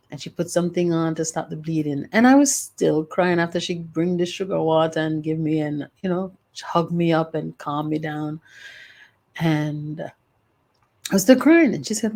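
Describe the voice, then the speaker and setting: An older woman tells her own life story as a podcast host. Her voice sits a little low, and she leans on words, drawing out key phrases with emphasis. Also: moderate pace, a little mellow. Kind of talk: personal storytelling monologue.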